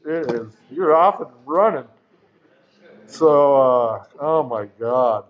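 A man's voice: medium pitch, lively intonation, takes it slowly. Frank rambling middle-aged man. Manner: rambling, frank, swears casually. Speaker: speaker sharing a recovery story. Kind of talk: personal testimony at a recovery meeting. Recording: dull lo-fi recording.

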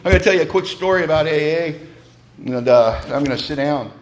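A middle-aged man telling a personal story to a meeting audience in an animated, conversational way. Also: a little high, fairly quick. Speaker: speaker at a recovery meeting.

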